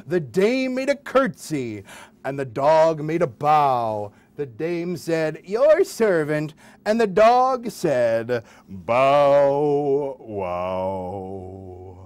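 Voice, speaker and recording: A man tells nursery rhymes as a children's puppeteer, sing-song and playful, chatting to his audience between verses. His voice sits high and moves a lot, at an unhurried pace. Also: very animated, no room sound. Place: hospital closed-circuit TV studio.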